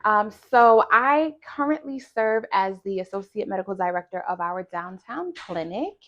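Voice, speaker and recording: A woman's voice: mid-range voice, animated, normal speed, a bit bright, muffled recording. A woman obstetrician from Brooklyn introducing herself in an upbeat way at a round table. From Brooklyn, New York.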